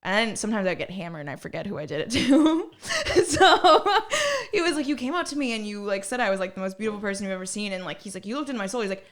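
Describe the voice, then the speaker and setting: A young woman chatting casually as a podcast guest. She talks bluntly and swears freely, piling filler words into her stories. Her voice sits at an ordinary, middle pitch for a woman. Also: animated, quick pace. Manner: blunt, profane storytelling with many fillers. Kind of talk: casual chat.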